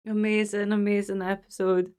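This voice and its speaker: A woman's voice: medium pitch, level tone, moderate pace, a little mellow, clean tone. Teary, gushing woman reacting. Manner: gushing, emotional, laughs often. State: teary and emotional. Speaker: reaction video host. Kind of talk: casual reaction commentary.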